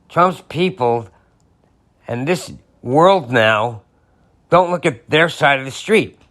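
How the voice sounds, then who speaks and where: A man's voice: mid-range voice, a bit bright. A man hosting a podcast, delivering an angry, sarcastic political rant with some profanity. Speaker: podcast host.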